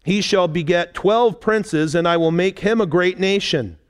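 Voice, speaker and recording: A man with a high, smooth voice teaches from scripture. His delivery is conversational, with wry asides and light laughter, and his resonant tone carries clearly. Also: measured pace. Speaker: pastor. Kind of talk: expository Bible teaching.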